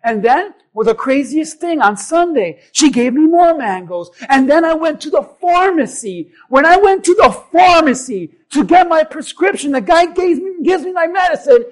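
A man, a pastor, preaching a sermon and telling a personal story with animated delivery that builds to forceful exhortation. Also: very high voice, moderate pace, few pauses, rough recording.

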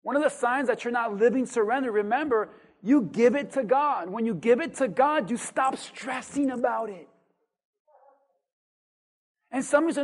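In a mid-range voice at a moderate pace, a pastor moves between forceful emphasis and soft asides as he preaches. The sermon leans heavily on rhetorical questions and call-and-response.

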